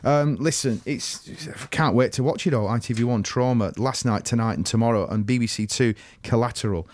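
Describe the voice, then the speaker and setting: A man's voice: mid-range voice, a little fast, a little mellow. A man hosting a radio show, chatting and joking with a guest, often stumbling over his words. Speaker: radio host. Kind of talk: casual radio interview.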